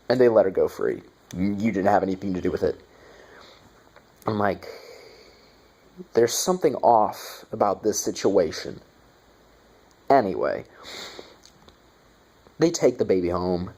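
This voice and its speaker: A man's voice: deep voice, lively intonation, measured pace, pauses often, mellow. Sarcastic man reviewing a movie. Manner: sarcastic and profane, with mocking asides. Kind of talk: casual spoken movie review.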